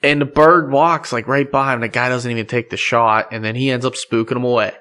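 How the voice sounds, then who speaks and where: A man's voice: mid-range voice, steady tone, a little fast, pushed and bright. A man hosting a podcast in easy casual chat, agreeing and laughing along with his guest. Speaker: podcast host.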